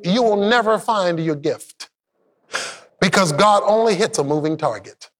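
A pastor preaching a sermon, swinging between shouted, emphatic peaks and low asides, and having the congregation repeat his lines back. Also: a little slow. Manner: call-and-response, has the congregation repeat lines.

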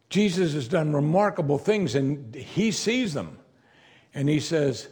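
A man's voice: on the high side, measured pace. A man preaching an expository sermon in a conversational way, now and then acting out the words of the people in the story. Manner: animated, conversational, playfully acts out quoted lines.

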